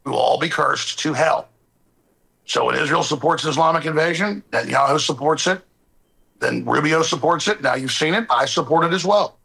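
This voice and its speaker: Gravelly, sarcastic male commentator. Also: a little high, normal speed, sharp tone, poor audio. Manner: sarcastic, emphatic, indignant. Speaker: political commentator. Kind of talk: played clip of sarcastic political commentary.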